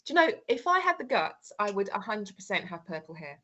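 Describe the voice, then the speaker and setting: A woman's voice: medium pitch, sing-song, fairly quick, sharp tone. A woman co-hosting a casual online show, giggly and bubbly as she greets viewers by name. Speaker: co-host. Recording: lo-fi online stream audio.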